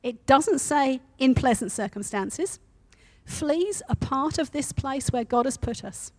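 A woman preacher voicing a calm, faithful older sister who speaks serenely and matter-of-factly while reading a story aloud. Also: sits high, measured pace, no room sound.

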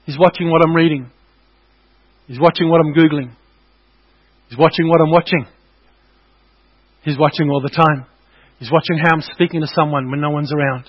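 A man with a notably high voice preaches to his congregation, hammering his points home through repetition. He speaks as a pastor in a church service. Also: fairly even intonation, normal speed, long pauses, breathy edge, highs cut off. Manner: emphatic, repetitive exhortation to the congregation. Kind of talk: sermon.

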